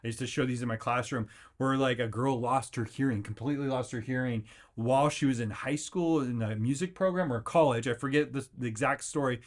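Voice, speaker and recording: A man at a middle pitch rants through a motivational podcast episode, piling up "like" and restarts as he goes. He keeps jumping into quick voices to act out other people and life itself. The delivery is loose, earnest and energetic. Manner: energetic, rambling, acts out quotes in jumpy voices; filler-heavy, with frequent restarts. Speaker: podcast host. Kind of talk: motivational rant.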